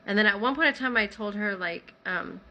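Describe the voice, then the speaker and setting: A woman with a bright, clear voice tells her own story in a loose, everyday way. She fills her sentences with "like" and "you know" as she goes. Her voice sits at an ordinary middle pitch. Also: fairly quick, dull audio, a little hiss or hum. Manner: conversational, many "like" fillers. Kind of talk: casual first-person storytelling.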